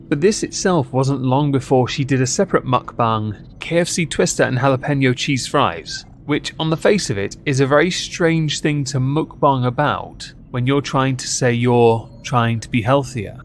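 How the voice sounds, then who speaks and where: A man's voice: medium pitch, normal speed, few pauses, a little hiss or hum. A man narrating a commentary video, dry and mocking in tone. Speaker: commentary host.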